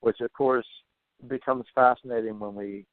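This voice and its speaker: A man's voice: mid-range voice, steady tone, moderate pace, dry recording. A man speaking as a guest in a casual podcast interview, thoughtful, often stumbling and repeating words. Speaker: guest author on paranormal folklore. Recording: dry, phone-like line.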